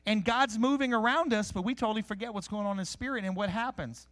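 A man preaching a sermon in a conversational, animated way, teaching from scripture with jokes and asides. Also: high-pitched, fast. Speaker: pastor. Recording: live-streamed sermon.

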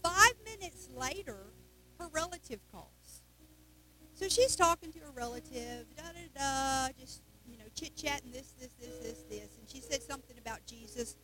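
A woman's voice: high-pitched, expressive, normal speed, sharp tone, poor audio. A woman preaching a folksy, storytelling sermon with emphatic asides. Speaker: worship leader.

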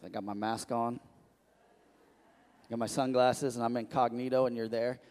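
A man preaching a sermon as pastor, telling stories in an animated, restarting way. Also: medium pitch, normal speed. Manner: animated storytelling with many restarts. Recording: long church hall reverb.

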